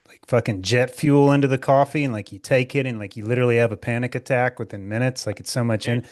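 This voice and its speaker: A man co-hosting a podcast over a remote call, chatting in a relaxed, rambling, sweary way. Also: mid-range voice, fast talker, no room sound, studio quality. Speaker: podcast co-host. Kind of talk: casual chat.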